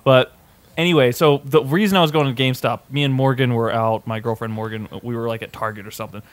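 A young man hosting a podcast, telling a story in an animated, swearing way and acting out both sides of an argument. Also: medium pitch, fast talker, no echo. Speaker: podcast host. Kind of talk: casual storytelling chat.

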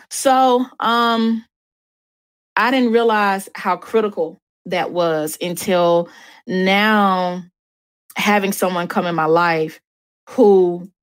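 A woman's voice: mid-range voice, no room sound. A woman hosting a show, talking candidly and emphatically about faith and dating, speaking straight to her listeners. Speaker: host.

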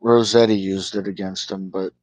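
Animated man swearing and retelling scenes. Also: low voice, moderate pace, no echo, low-quality recording. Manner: animated storyteller, swears a lot, acts out characters' lines. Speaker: podcast co-host. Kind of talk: casual review chat.

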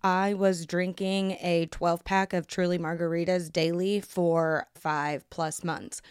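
A young woman from Kansas with an American accent tells her own story on her podcast. Her voice sits low and smooth, and the close mic leaves the sound completely dry. She talks candidly and bluntly, swears freely and acts out what others said. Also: flat delivery, dry recording. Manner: brisk, acts out others' lines. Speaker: podcast host. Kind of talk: casual storytelling monologue.

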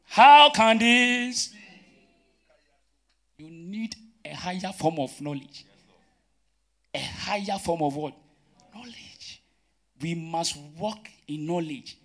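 A man, preaching a sermon as pastor, calling out questions and swinging between loud emphatic bursts and quiet asides. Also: a little high, slow, pauses often. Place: church.

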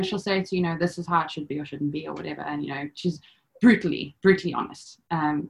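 A young woman telling her own story as a podcast guest, chatty, with many fillers and bits of quoted dialogue. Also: fairly low pitch. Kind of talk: personal storytelling.

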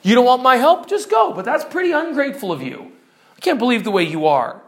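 A preacher voicing a smooth-talking worldly man in an allegory, coaxing and guilt-tripping in a lively, raised voice. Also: medium pitch, normal speed. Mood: resentful. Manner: coaxing, then sulky and scolding.

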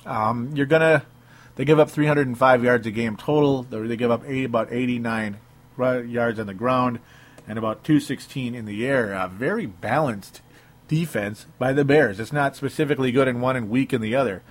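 A man talks through the week's games as a sports show host. He keeps it casual and chatty, chuckling often and reading listener messages aloud. His voice sits at an ordinary middle pitch. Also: moderate pace. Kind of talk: casual sports radio talk.

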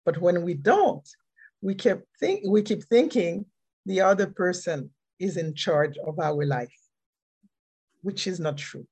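A woman telling a personal story on a podcast, animated and laughing often, repeating key phrases for emphasis. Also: on the low side, measured pace, husky. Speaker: podcast speaker and life coach.

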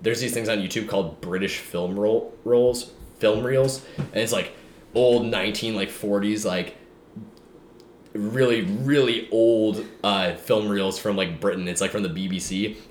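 A man with a lowish voice talks at a measured pace as a podcast co-host. The chat is casual and rambling, packed with "like" fillers, and the echoey room carries a faint background hum.

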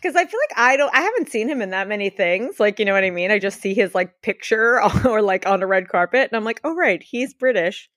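A woman's voice: mid-range voice, lively intonation, brisk, hardly any pauses, a bit bright, no echo, studio quality. A woman co-hosting a podcast in casual chat, gushing and swearing freely. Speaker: podcast co-host.

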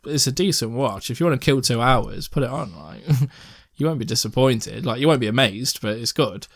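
A man's voice: mid-range voice, lively intonation, moderate pace, gravelly, dry recording, studio quality. Rambling, sweary young man. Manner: rambling, sweary, laughs often. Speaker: podcast co-host. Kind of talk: casual film chat.

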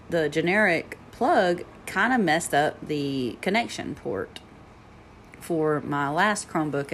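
A woman's voice: sits low, a little hiss or hum. A woman who teaches yoga and meditation, hosting her own podcast from home and telling rambling stories with frequent laughs. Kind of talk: casual solo podcast chat. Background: heater rattling.

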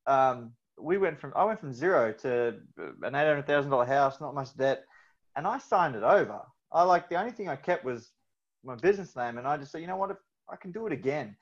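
Male host, halting and candid, slightly muffled recording. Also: medium pitch, expressive. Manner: halting, with many fillers. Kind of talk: candid personal story. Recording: slightly dull audio.

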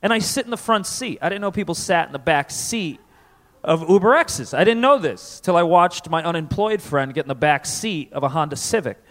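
A man from Connecticut doing live stand-up comedy, animated, profane and self-deprecating, on a festival stage before an audience. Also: on the high side, a little fast. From Connecticut, USA. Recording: reverberant live venue.

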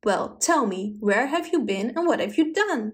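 A woman's voice: a little high, animated, moderate pace, natural voice. A woman voicing an angry peasant wife who sobs and scolds her husband. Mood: scolding. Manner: scolding, sobbing.

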